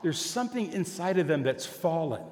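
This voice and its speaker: An older man preaching a sermon, telling a story and acting out both sides of a conversation in an animated way. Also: a little high, normal speed. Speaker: pastor. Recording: long hall reverb.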